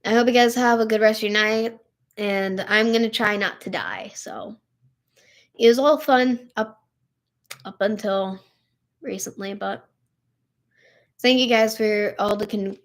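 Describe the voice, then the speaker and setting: A woman's voice: mid-range voice, fairly even intonation, a little slow, long pauses. Young woman, streamer, weary and emotional, casual chat full of "like" and "literally". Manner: emotional, tired, heavy use of "like" and "literally". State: tired and upset.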